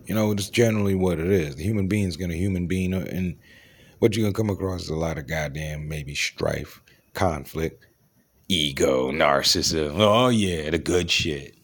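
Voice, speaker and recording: A man hosting a solo show, delivering a profane, ranting monologue that swings from low muttering to raised outbursts. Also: normal speed. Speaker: ranting host.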